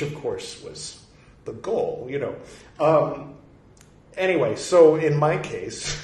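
A podcast host reads a passage and comments on it casually, rambling, joking facetiously, and wandering into frequent asides. His voice is lowish and a little mellow. The room gives a noticeable echo, with faint background noise.

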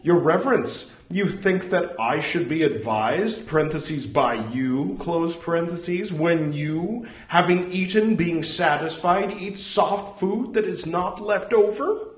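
A man's voice: fairly high pitch, lively intonation, slow pace, hardly any pauses, voice pushed up. A man voicing a grumbling male monk who presses another monk with accusing questions, in an echoey room. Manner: insistent questioning.

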